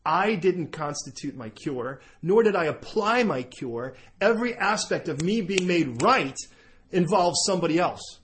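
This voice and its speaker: A man's voice: sits high, unhurried, slight background noise. A man preaching a sermon, telling an illustrative story and acting out both sides of the dialogue. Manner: animated storytelling, switching between characters' voices. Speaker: pastor.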